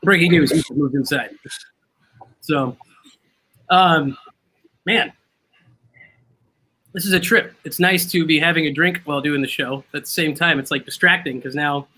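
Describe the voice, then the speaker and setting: A man's voice: fairly high pitch, a little slow, long pauses, pushed and bright. A man hosting a casual drinking chat show over a video call, with playful, teasing banter. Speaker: host. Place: outdoors, then moving inside.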